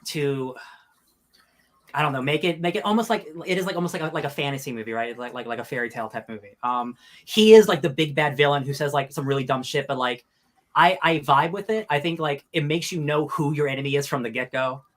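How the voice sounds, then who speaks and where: A podcast co-host talking quickly and excitedly about a film, full of fillers. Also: mid-range voice. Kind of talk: casual film discussion.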